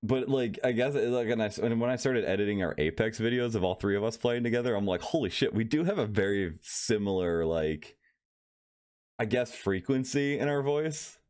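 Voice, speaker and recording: A man's voice: medium pitch, fairly quick, a little mellow, smooth. A young man co-hosting a casual podcast, rambling and musing with many fillers and frequent laughs. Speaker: podcast co-host.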